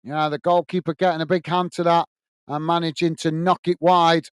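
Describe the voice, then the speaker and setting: A UK host with a slightly high voice and flat delivery talks at a moderate pace over a live football watch-along. His tone is clean and the recording dry as he cheerfully reads viewer messages and calls the play.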